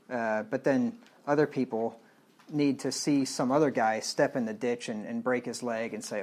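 A man's voice: mid-range voice, moderate pace. A man preaching through a Bible book verse by verse, blunt and plain-spoken, reading the old wording and explaining it in everyday talk. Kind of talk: verse-by-verse sermon.

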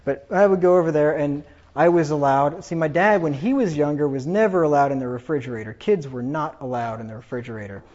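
A fairly high-pitched man with a darkish tone speaks a bit fast as he chuckles through meandering stories about his family. The clip is casual personal storytelling with dull lo-fi sound quality.

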